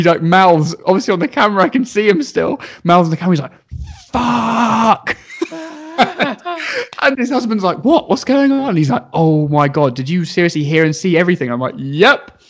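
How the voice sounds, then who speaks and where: A man's voice: high-pitched, fairly quick. A young man, a teacher, telling a story in casual chat, swearing and acting out the voices of the people in it. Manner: animated, swearing, acts out voices. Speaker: primary school teacher.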